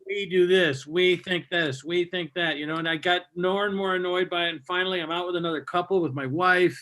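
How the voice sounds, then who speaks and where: Bright, higher-voiced man ranting comic. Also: steady tone, brisk, poor audio. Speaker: comedy show co-host. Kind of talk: stand-up style anecdote.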